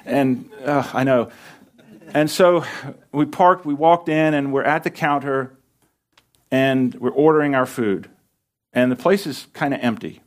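A middle-aged man preaching with a mid-range voice, telling a personal story in an earnest, conversational way. He often drops soft and low to draw listeners in. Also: a little slow, pauses often. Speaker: pastor. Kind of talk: sermon storytelling.

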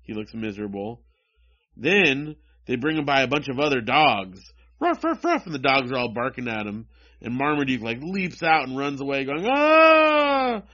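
A man's voice: mid-range voice, normal speed, sharp tone. A man co-hosting a casual chat, reading comic strips aloud in a wry, mocking way. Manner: wry, mocking, reads dialogue in raised voices. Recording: dull lo-fi sound.

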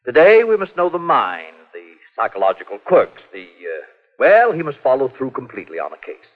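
A man's voice: medium pitch, wildly swooping pitch, fairly quick. An actor playing a pompous, fussy male physician who talks at length, hemming and coughing, in 1940s radio acting. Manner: pompous, long-winded, hemming with uhs and coughs. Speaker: doctor. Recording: muffled 1940s radio broadcast.

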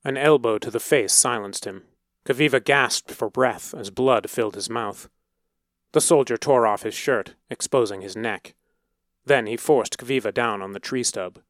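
A man narrating a story in a steady, measured reading voice. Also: medium pitch, no room sound, studio quality.

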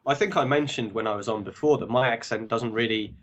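A man's voice: medium pitch, fast talker, dull audio. An English man, a podcast guest, chatting casually in a self-deprecating way with frequent restarts. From England. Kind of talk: casual chat.

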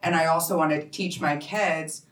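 A woman hosting a casual chat, eager and quick to agree with her guest. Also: low voice, steady tone, recorded from a distance. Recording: roomy echo, voice a bit off-mic.

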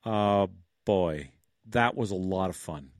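A man's voice: low voice, takes it slowly, dry recording, studio quality. A man in his sixties from Canada, hosting a casual livestream, rambling, chuckling and thinking aloud as he talks to his viewers. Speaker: livestream host.

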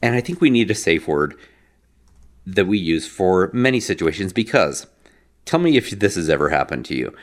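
A man's voice: sits low, very animated, normal speed. A man co-hosting a podcast, chatting casually and telling a rambling story with laughs. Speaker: podcast co-host.

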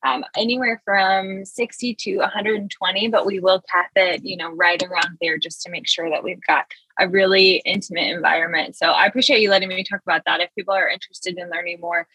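A woman's voice: on the low side, fairly even intonation, brisk, bright, forceful tone, breathy edge, no room sound, poor audio. A woman guest in an interview, talking enthusiastically about her work with many fillers and restarts. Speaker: marketing executive, guest. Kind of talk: conversational interview.

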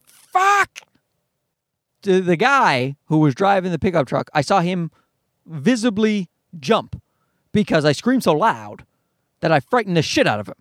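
A man's voice: on the high side, dry recording, studio quality. A man telling a story as an exasperated, profane rant. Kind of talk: comic ranting anecdote.

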